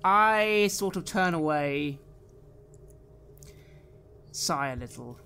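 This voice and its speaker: A woman's voice: sits low, expressive, extremely slow, fairly bright tone, a little hiss or hum. A woman playing a tabletop role-playing game, mixing in-character lines with narrated actions. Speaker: player.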